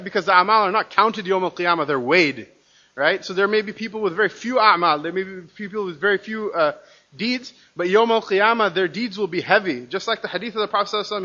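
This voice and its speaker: A man from the United States teaching a religious lecture class, talking quickly with many restarts and rhetorical "right?" checks. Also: high-pitched, pushed and bright, highs cut off.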